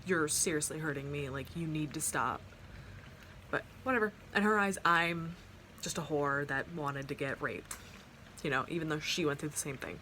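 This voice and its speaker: A woman's voice: sits low, pushed and bright, slight background noise. A young adult woman vlogging at home into her phone, telling a personal story in a rambling, heartfelt way full of fillers and restarts. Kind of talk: casual storytime vlog. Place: at home by an open window. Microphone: phone camera.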